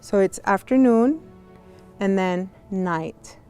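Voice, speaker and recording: Woman, sign language interpreter, casual online lesson, slow, clear, friendly, mid-pitched voice. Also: a little mellow, soft background music. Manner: slow and clear, spells out letters one by one; friendly, explains with examples and asides. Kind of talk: casual instructional talk. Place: home, on a video call. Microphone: video call.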